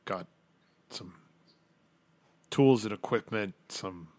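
A man voicing an evasive rogue who mutters his answers quietly and haltingly. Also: fairly low pitch, no echo. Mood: guarded.

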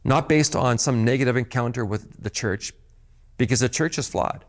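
A man's voice: medium pitch, normal speed. A man preaching a sermon as pastor, earnest and emphatic, often repeating words as he restarts phrases.

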